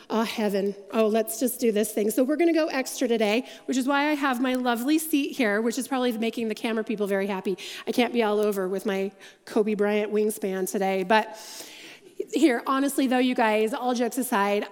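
A woman with a fairly high voice delivering a church message, chatty and self-deprecating, slipping in quick asides as she tells her stories. Her voice carries a long reverb from the large auditorium around her. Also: darkish tone. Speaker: church staff speaker giving the message. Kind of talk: sermon.

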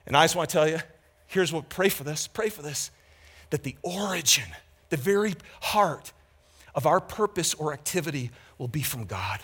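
A man preaching with a bright, slightly high voice that rises and falls widely. He talks to the congregation candidly and conversationally, building to loud emphatic peaks and then dropping to a hush. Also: normal speed, slightly rough. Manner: animated and emphatic, swinging from loud to hushed. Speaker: pastor. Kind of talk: sermon.

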